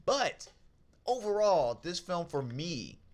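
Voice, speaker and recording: A man co-hosting a casual film review podcast, talking in an animated way and acting out lines from the movies. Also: high-pitched, slow pace. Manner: animated, acts out quotes in lively voices. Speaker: podcast co-host.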